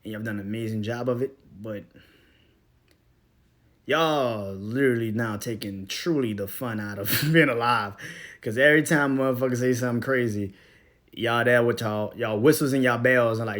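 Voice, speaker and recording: A young man with a middle-pitched voice hosts his own podcast in a loose, profane rant. He talks bluntly, laughs between thoughts, and drifts from loud bursts to low mumbles. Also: moderate pace. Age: young adult. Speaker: podcast host. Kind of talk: casual ranting monologue.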